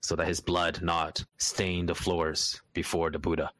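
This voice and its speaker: A man voicing a calm, patient Buddhist monk who speaks slowly, gently and formally. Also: sits low, no room sound, rough recording. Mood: gentle pleading.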